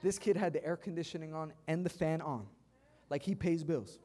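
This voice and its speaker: A man's voice: fairly high pitch, normal speed, mellow, some chatter behind. A man in his thirties, a pastor preaching a sermon to a church congregation, emphatic and mixing in humorous stories. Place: church service before a congregation.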